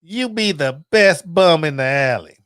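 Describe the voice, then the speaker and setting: A man's voice: on the high side, lively intonation, unhurried, a bit bright, clear, resonant tone, no echo, clean studio sound. A man voicing his late grandmother, an older woman giving folksy, tender life advice. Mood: loving advice.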